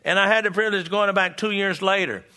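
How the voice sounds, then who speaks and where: Older man, pastor type, bright edge to a fairly high voice, folksy sermon with lots of restarts. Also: quick pace. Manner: folksy, stammering restarts, call-and-response asides. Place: church.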